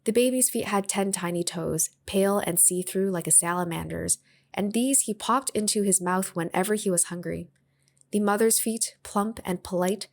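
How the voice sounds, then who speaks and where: A woman reading a novel aloud in a calm, measured way. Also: fairly low pitch. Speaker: audiobook reader.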